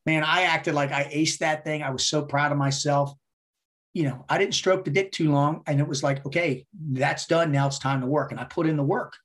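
A middle-aged man from the United States, a podcast guest, telling his story in a blunt, profane, animated way. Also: fairly high pitch, brisk. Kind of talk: casual storytelling interview.

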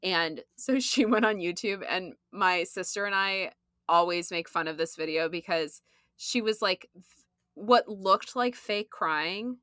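A woman's voice: mid-range voice, measured pace, pushed and bright, dry recording, clean studio sound. Chatty young woman podcast co-host. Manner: chatty, laughs often, lots of fillers. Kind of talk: casual chat.

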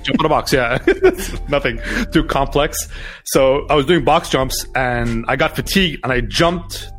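A man with a mid-range voice speaks at a measured pace over soft background music as a guest on a podcast. In this casual interview, he tells stories in a loose, chatty, animated way, acting out the voices of what other people said.

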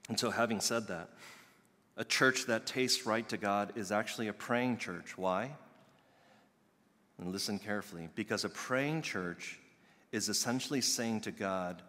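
A man preaching from the pulpit, his voice pitched on the low side yet bright and forward. He is earnest, pushing up into loud emphatic peaks before falling back to a soft tone. A long reverb from a large hall trails behind each phrase. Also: measured pace. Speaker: pastor. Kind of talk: sermon.

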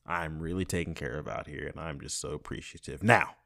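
A young man hosting his own podcast, talking casually and swinging from soft, grateful reflection to loud, playful bursts. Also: a bass voice, steady tone, a little fast, vocal fry, very noisy. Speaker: podcast host. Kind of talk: casual solo podcast monologue.

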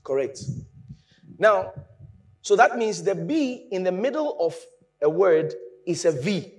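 A man preaching a sermon, explaining with lively emphasis that rises from quiet asides to raised points. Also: sits high, slow.

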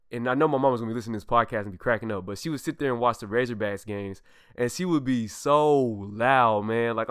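A young man hosts a podcast, sharing heartfelt personal stories in a casual, emphatic style full of loose slang and acting out the lines he quotes. His voice sits at medium pitch, a bit bright and smooth, with clean studio sound and no room echo.

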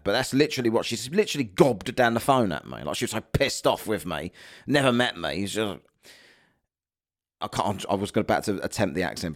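A man telling a comic, sweary rant about a holiday trip, exasperated and mocking. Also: lowish voice. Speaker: vlogger.

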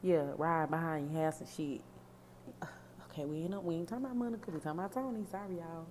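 A woman's voice: deep voice, quick pace, background noise. Sassy, profane woman podcaster. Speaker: podcast host. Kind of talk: casual commentary on song lyrics.

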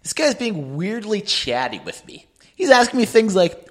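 A man co-hosting a podcast, telling a story in an animated way and acting out the people in it. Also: high voice, moderate pace. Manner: animated, acts out voices in his stories. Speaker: podcast co-host. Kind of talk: casual anecdotal storytelling.

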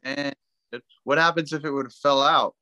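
A man's voice: on the high side, fairly even intonation, normal speed, bright, forceful tone, dry recording, highs cut off. A man co-hosting a crude podcast, mostly reacting with short remarks and questions that egg the other host on. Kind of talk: crude casual chat.

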